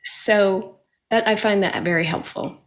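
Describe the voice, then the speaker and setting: A woman's voice: mid-range voice, a little slow. A woman guest in a casual conversation, speaking in a reflective, earnest and upbeat way.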